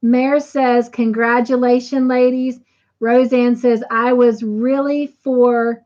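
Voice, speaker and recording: Woman, livestream host, chatty and unhurried, slightly high voice, dull lo-fi stream audio. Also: level tone, darkish tone. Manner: chatty, says "y'all", reads comments aloud. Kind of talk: casual livestream chat, reading viewer comments.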